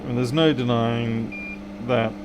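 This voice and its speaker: Aussie repair guy on a live stream, mid pitch, mumbly banter with chat, aircon hum in the room. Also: fairly even intonation, slow. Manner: muttering banter to viewers while working. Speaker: electronics repair technician.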